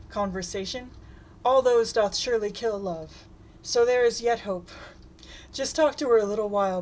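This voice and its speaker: A woman's voice: mid-range voice, a little mellow, slight background noise, close to an everyday voice. A woman reading aloud and voicing a pompous male cult leader who preaches in mock-biblical speech.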